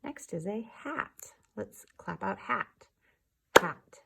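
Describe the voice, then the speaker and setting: A young woman teaching a remote class for young children, slow, soft and patient, often dropping to a whisper. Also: mid-range voice, expressive, creaky, background noise.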